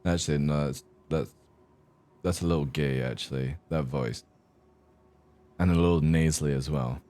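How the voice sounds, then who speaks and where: A gaming streamer with an extremely low, warm voice speaks at a normal pace in a steady tone. He rambles crudely and jokes casually with viewers during his live-stream of a game.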